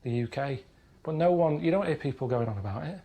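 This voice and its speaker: Deadpan grumbling English man. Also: on the high side, quick pace, husky. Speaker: travel show subject. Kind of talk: dry grumbling chat.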